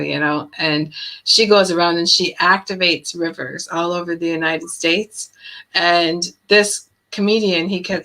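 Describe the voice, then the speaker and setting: A woman's voice: lowish voice, pushed and bright, low-quality recording. A woman in her forties hosting a casual chat over a video call, telling stories and laughing often.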